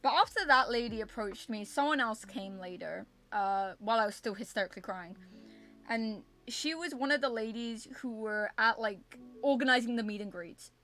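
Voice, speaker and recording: Young woman streamer, slightly high voice, animated casual storyteller who swears, faint music underneath. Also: moderate pace. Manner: animated, repeats herself, swears freely.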